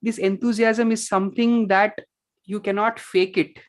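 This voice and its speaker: A woman's voice: mid-range voice, fairly even intonation, moderate pace. A woman teaching scripture and yoga, patiently explaining with simple examples and checking in with "right?".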